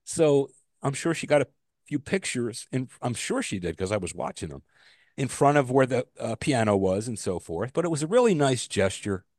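A man co-hosting a casual podcast chat, telling stories with animation, his voice jumping high when he gets exasperated, and swearing freely. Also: very animated, normal speed, darkish tone, dry recording, clean studio sound. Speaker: podcast co-host.

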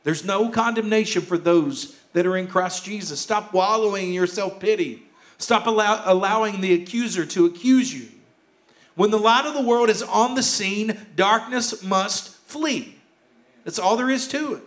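A man preaching a sermon as pastor in a church, urgent and impassioned, repeating key phrases and dropping to hushed tones. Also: high-pitched, normal speed. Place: church sanctuary.

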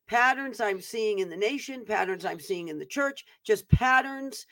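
A woman's voice: medium pitch, lively intonation, normal speed, a bit bright, no echo. A woman hosting a faith teaching show, praying earnestly and then chatting loosely with fillers. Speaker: host of a prophetic teaching show. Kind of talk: prayer and casual update before teaching.

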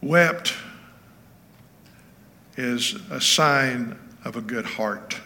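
Folksy older pastor in a reverberant hall. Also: male voice, mid-range voice, drawn-out words, sharp tone. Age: 70s. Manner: folksy, conversational, checks in with listeners. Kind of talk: informal teaching sermon.

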